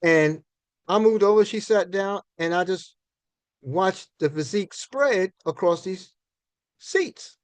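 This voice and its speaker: High-voiced older man telling folksy stories. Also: lively intonation, slow pace, no echo. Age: 60s. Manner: folksy and conversational, repeats and restarts words. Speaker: minister giving a finance talk. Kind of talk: storytelling lecture to an audience.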